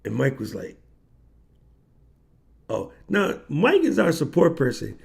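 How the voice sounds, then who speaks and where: Gravelly slangy livestream host. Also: male voice, on the high side, moderate pace. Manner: animated slangy storyteller, acts out quoted voices. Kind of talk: casual livestream storytelling.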